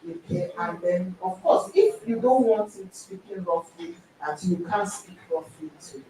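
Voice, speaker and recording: A woman leading a women's group, teaching in a lively way, often acting out dialogue and laughing loudly. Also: medium pitch, normal speed. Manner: animated storytelling, acts out dialogue, laughs loudly. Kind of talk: live-streamed teaching talk. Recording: echoey, distant, noisy live stream.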